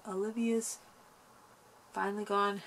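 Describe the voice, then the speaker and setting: Soft-spoken woman walking through a craft. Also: medium pitch, little pitch movement, measured pace, slight background noise. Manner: soft-spoken, chatty, gentle step-by-step guidance. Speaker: craft tutorial host. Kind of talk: casual craft tutorial. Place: home.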